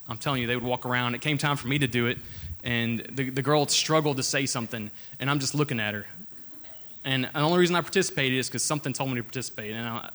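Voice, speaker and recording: A man's voice: medium pitch, fairly bright tone. A young man preaching an informal sermon, telling a personal story in an earnest, conversational way before reading scripture aloud.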